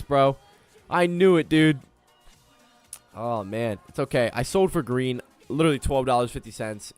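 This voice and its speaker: A man's voice: mid-range voice, normal speed, smooth, no echo, faint music behind. A young man chatting casually with viewers on a live stream about trading and his weekend, joking and talking straight to them. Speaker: livestreaming day trader.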